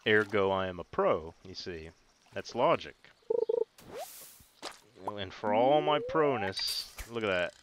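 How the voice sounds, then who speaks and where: A man with a fairly low voice gives casual gameplay commentary, joking at his own expense and getting excited over small wins. A steady hiss sits under the home recording. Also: takes it slowly, long pauses. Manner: joking, self-mocking, excitable. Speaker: gaming video host.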